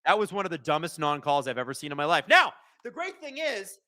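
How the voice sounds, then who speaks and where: High, bright-voiced hockey streamer. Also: male voice, no room sound. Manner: excitable, shouts and swears at the referees; fast play-by-play calling. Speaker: live stream host watching a hockey game. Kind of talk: live watch-along commentary.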